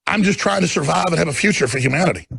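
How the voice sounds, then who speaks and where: A man hosting a broadcast talk show, delivering an impassioned rant that swings from low muttering to roaring shouts, with a gravelly, husky voice. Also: animated, very fast, no echo.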